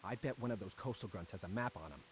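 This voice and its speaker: A jittery townsman from a fantasy game, played by a man, confiding secrets in a hushed, conspiratorial tone. His voice sits fairly low. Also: racing, slight background noise, lightly acted. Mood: worried. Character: nervous young townsman sharing a secret.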